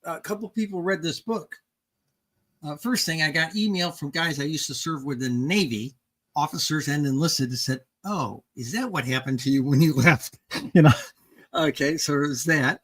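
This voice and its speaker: An older woman author telling a story in casual conversation, animated, acting out dialogue with some restarts. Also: deep voice, moderate pace.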